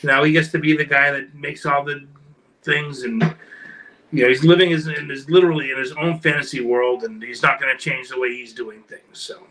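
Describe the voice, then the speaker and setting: A man's voice: medium pitch, level tone, moderate pace, sharp tone, poor audio. A man co-hosting a wrestling podcast, ranting with lots of profanity and mockery. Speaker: podcast co-host. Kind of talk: casual chat.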